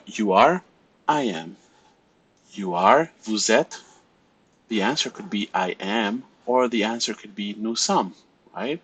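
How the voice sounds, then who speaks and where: French teacher, male, slightly low and husky, methodical lecturing, frequent "right?" check-ins. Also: rough recording. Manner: explains step by step, often checks with "right?". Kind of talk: recorded classroom lecture.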